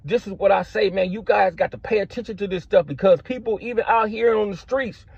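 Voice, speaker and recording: Middle-aged guy, kinda high voice, street slang, says bro and man a lot, muffled dry recording. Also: a little fast, vocal fry, husky, dry recording. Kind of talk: casual storytelling to camera. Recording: dull lo-fi sound, dry.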